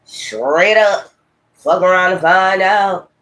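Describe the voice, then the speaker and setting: Profane man ranting, high voice. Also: slow, a bit bright. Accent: Brooklyn, New York. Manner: profane, combative, scolding. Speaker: tarot reader. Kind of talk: casual tarot livestream rant.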